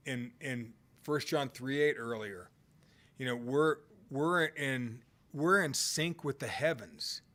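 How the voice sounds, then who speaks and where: A man's voice: a little high, a bit bright. A man preaching a sermon, quoting scripture with earnest emphasis and rising bursts.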